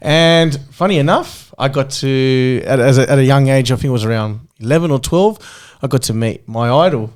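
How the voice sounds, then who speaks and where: An Australian man co-hosts a casual podcast. He rambles through his stories with plenty of ums and laughs, at a mid pitch. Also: normal speed, few pauses, smooth. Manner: chatty storyteller with lots of fillers and laughs. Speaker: podcast co-host. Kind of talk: casual chat.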